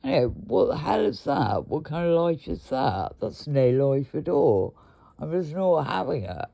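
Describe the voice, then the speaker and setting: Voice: mid-range voice, very animated, unhurried, vocal fry, mellow, no echo. A vlogger, rambling and ranting to camera, swearing often and laughing between complaints.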